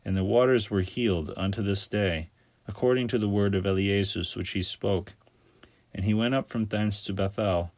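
A man reading scripture aloud in a steady, measured recitation. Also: fairly low pitch, dry recording. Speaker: scripture reader.

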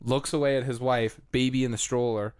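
A man's voice: medium pitch, fairly even intonation, a little fast, a little mellow, clear, resonant tone. A man co-hosting a podcast, telling stories in a laid-back, swearing way and laughing along. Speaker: podcast co-host. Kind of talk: casual chat.

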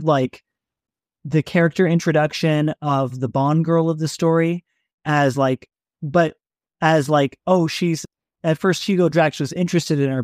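A man's voice: fairly high pitch, a little mellow, dry recording, studio quality. A man co-hosting a podcast, talking casually about a novel, rambling with frequent restarts and easy laughter. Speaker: podcast co-host. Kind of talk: casual book discussion.

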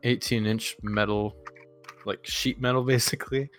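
A man's voice: medium pitch, fairly even intonation, moderate pace, fairly bright tone, faint music behind. A man co-hosting a podcast in casual chat, telling rambling stories and laughing often. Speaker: podcast co-host.

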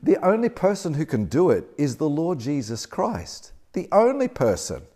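A man preaching a sermon as a lively, story-driven talk with frequent restarts. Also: a little high, normal speed, slightly rough.

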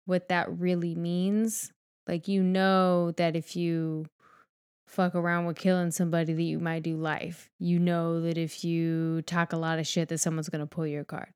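Frank low-voiced woman chatting freely. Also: clean tone. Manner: frank, rambling, swears freely, filler-heavy. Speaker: podcast co-host. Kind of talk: casual chat.

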